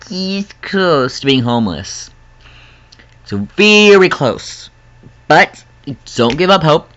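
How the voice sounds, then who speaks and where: Bright-voiced young man, lo-fi vlog. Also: medium pitch. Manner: rambling, emotional, laughs often, earnest. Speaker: vlogger. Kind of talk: casual personal vlog.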